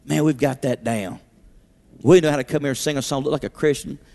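A man preaching a revival sermon in a church auditorium, passionate and repetitive, swinging between shouts and hushed pleading. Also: mid-range voice, fairly quick, creaky, in a large hall.

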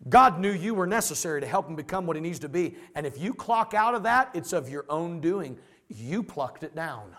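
An animated male pastor preaches in a high, lively voice that climbs and dips a lot. He is folksy and plain-spoken and keeps slipping into voices to act out the people he describes. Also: normal speed. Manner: animated, acts out quoted voices. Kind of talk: sermon.

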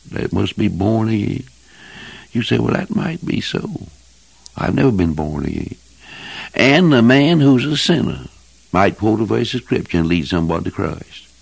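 An older man preaching a fervent old-time sermon, emphatic and husky, with King James phrasing. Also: lowish voice, a little mellow, no echo. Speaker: evangelist preacher.

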